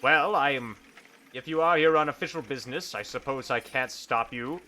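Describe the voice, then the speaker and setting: A man's voice: medium pitch, normal speed, sharp tone, a little hiss or hum, natural voice. A man voicing a pompous male kobold guard who speaks in formal, old-fashioned phrases. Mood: grudging. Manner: formal, mock-archaic, officious.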